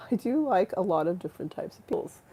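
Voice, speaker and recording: A woman's voice: fairly low pitch, expressive, brisk, warm tone, breathy edge. A tired, yawning woman hosting a casual livestream talk show, rambling and self-mocking, laughing often and reading chat aloud.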